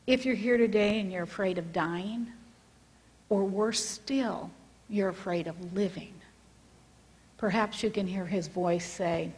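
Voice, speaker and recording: Female preacher, breathy tone, reflective storytelling with hushed moments, long reverberant hall. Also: mid-range voice, measured pace, long pauses. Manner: reflective storytelling, drops to a hush. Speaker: speaker addressing a congregation. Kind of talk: sermon.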